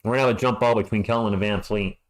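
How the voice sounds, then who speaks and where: A man's voice: fairly low pitch, steady tone, very fast. A man hosting a fan livestream, calling play-by-play and ranting in frustration, often stammering when upset.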